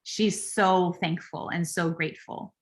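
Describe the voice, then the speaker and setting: A woman's voice: fairly low pitch, fairly even intonation, measured pace. A woman hosting an online CPR class, speaking in a heartfelt, conversational way over a video call. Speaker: CPR teacher, class host.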